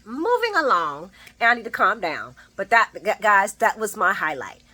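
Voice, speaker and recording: A woman giving a casual, profane daily soap opera recap with animated asides. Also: medium pitch, moderate pace, rough recording.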